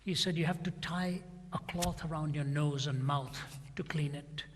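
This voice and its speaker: A man's voice: on the high side, fairly even intonation, normal speed, slight background noise. An older male preacher telling a story in a sermon, acting out both sides of a dialogue in a dramatic retelling. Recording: long reverb of a large hall.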